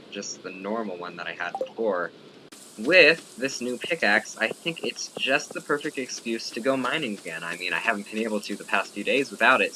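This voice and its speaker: A man's voice: lowish voice, background noise. A young man casually commenting on his own gameplay, chatty and rambling with many fillers. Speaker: let's play host. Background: game music.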